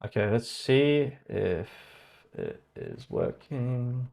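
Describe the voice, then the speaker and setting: A man's voice: medium pitch, huge pitch swings, drawn-out words, gravelly, darkish tone. A man hosting a casual live-coding stream, reading chat aloud and muttering sarcastic asides as he works. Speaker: streamer building an online store.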